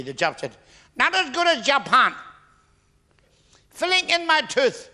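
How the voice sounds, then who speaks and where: A man telling a joke on stage, animated, doing quoted voices. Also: very high-pitched, a little slow, long pauses, a little hiss or hum. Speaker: stand-up comedian.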